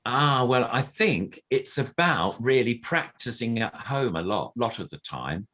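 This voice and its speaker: An older veteran puppeteer, a guest on a computer video call interview, explains his craft and occasionally demonstrates little puppet voices. His mid-range voice is sing-song, unhurried, and fairly bright.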